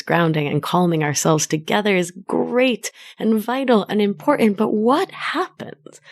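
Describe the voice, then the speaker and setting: Gentle woman coaching on a podcast. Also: fairly low pitch, creaky. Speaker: podcast host and life coach. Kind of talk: solo podcast monologue.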